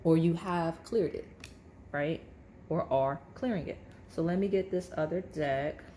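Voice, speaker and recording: Over a noisy background, a woman with a lowish voice speaks straight to the viewer during a relaxed pick-a-card tarot reading. This tarot reader often checks in with "right?" and "okay?".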